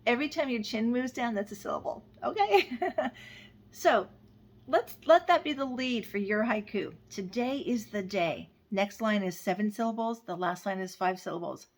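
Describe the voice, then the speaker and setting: A woman giving gentle, heartfelt spiritual advice to camera, talking freely from the heart and trailing off softly at the ends of phrases. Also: medium pitch, a little fast. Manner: gentle, heartfelt, meandering with fillers and soft trailing endings. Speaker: astrologer and spiritual guide. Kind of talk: unscripted spiritual talk to camera.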